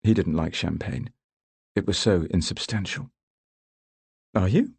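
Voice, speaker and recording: Gravelly deep-voiced male narrator. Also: normal speed, no room sound. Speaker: audiobook narrator. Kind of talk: scripted narration.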